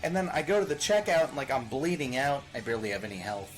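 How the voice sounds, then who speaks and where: A man of middle pitch rambles to his viewers in a loose, animated way. He laughs, swears freely and keeps going. Music plays clearly behind him on the stream. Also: quick pace. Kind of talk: casual chat with stream viewers. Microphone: desk microphone.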